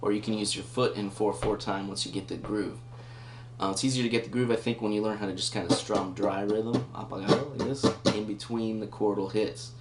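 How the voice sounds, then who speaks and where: A guitar teacher with a fairly low, steady voice gives a casual lesson at a brisk pace, explaining rhythm and counting beats aloud as he works it out. The room sounds roomy and noisy, with his own guitar playing loudly in the background.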